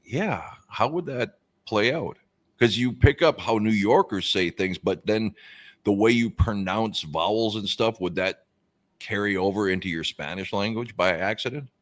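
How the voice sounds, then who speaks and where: Deep-voiced male stream host, rambling, casual, reads out chat. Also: moderate pace. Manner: rambling, musing aloud with many fillers.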